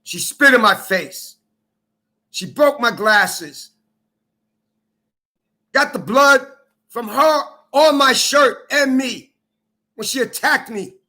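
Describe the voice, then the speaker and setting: Bright-voiced man ranting bitterly. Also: very high voice, lively intonation, slow, pauses often. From Minnesota. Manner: bitter, accusing, repetitive, profane. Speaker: vlogger. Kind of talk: angry personal rant to camera.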